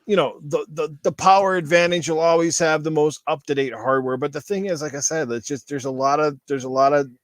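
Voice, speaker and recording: A man's voice: on the high side, fairly even intonation, brisk, few pauses, no echo. A man hosting a podcast, chatting casually, rambling and swearing as he reads donations. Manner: laid-back, swearing, rambling. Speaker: podcast host.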